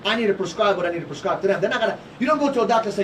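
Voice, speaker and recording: Loud hyped-up guy coaching sales reps, rapid-fire, bit distant from the mic, faint noise. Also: sits high, expressive. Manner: loud, passionate, profane, rhetorical questions. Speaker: sales trainer. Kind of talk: motivational sales talk to a group.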